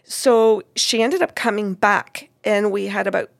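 Woman, medium, telling a long story at an easy pace, gravelly voice, dry close sound. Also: mid-range voice, measured pace, no echo. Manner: recounts at length, acting out what people said. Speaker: medium recounting a reading. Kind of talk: conversational storytelling.

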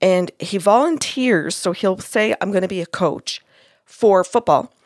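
A woman's voice: medium pitch, measured pace, no echo, clean studio sound. A woman podcast host retelling a session in casual chat, acting out the quoted dialogue.

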